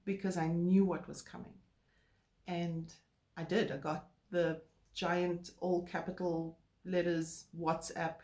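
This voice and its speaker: A woman's voice: lowish voice, takes it slowly. Earnest woman talking in a roomy space. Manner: earnest, calm, explanatory with filler words. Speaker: co-host. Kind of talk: casual chat. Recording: roomy echo.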